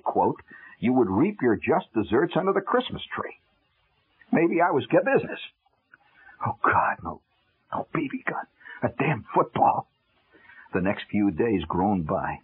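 A man telling a humorous first-person story on the radio, wry and animated, swinging from loud to hushed. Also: lowish voice, breathy edge. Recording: tinny old radio broadcast with music.

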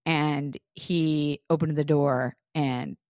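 A woman's voice: sits low, slow, no room sound, studio quality. A woman co-hosting a podcast, telling a story in casual chat and laughing as she talks. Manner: animated storyteller, laughs mid-sentence. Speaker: podcast co-host.

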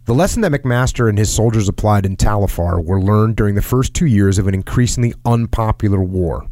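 A middle-aged man in a casual podcast talk, reading from an article and acting out quotes with lively jumps in pitch. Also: a little fast, dry recording. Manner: animated storyteller, acts out quotes in a raised pitch. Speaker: podcast host.

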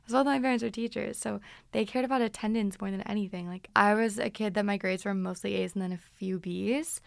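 Young woman with vocal fry, chatty storyteller. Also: medium pitch, no room sound, studio quality. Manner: chatty, animated, dramatic. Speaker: podcast host. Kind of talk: casual storytelling.

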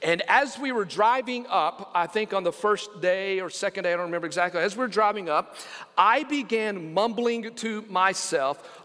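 Male pastor, high bright voice, animated sermon with call-and-response, long hall reverb. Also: normal speed. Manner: animated preaching, repeats words, asks the congregation to respond. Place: church sanctuary.

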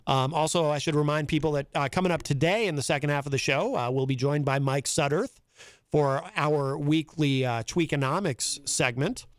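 A man's voice: on the high side, normal speed, no echo. A man hosting a casual talk radio show, bantering and laughing easily with his co-host.

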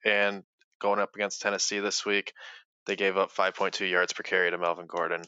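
A man with a low, forceful, bright-edged voice, laid-back as he gives his pick on a casual football podcast. The sound is dry and close. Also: little pitch movement, a little fast, clean tone, dry recording, lo-fi sound. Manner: laid-back, brief quips. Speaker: podcast co-host. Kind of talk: casual chat.

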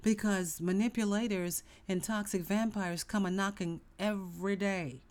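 This podcast host is a middle-aged woman whose medium-pitched voice holds a steady tone at a moderate pace, with a touch of mellowness. On her motivational self-help show she talks with emphasis, leans on repetition, and breaks into abrupt whispers.

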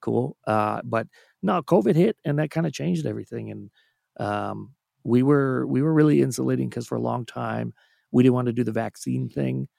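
A chatty man, talking as a guest on a podcast. His mid-pitched voice is strongly gravelly, and he laughs easily. The recording is dry and close. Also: moderate pace, no echo. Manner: warm, chatty, laughs often. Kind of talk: casual chat.

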